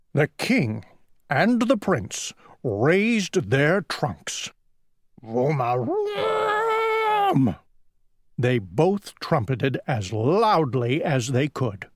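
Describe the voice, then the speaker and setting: A narrator reading a children's picture-book story slowly and deliberately. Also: mid-range voice, very animated, dry recording, studio quality.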